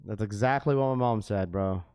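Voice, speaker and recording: A man's voice: fairly low pitch, normal speed, a little mellow, smooth. A man hosting a sneaker livestream, talking casually to chat in heavy slang. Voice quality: slangy, says "bro" often.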